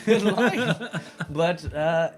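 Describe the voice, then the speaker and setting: A player at a tabletop game, asking lots of animated questions. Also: medium pitch, drawn-out words, faint music behind. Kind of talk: casual game play.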